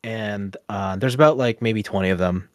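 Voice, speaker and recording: A man's voice: lowish voice, normal speed, dry recording, clean studio sound. A man, co-hosting a podcast and telling a long casual story full of fillers and quoted asides. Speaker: podcast co-host.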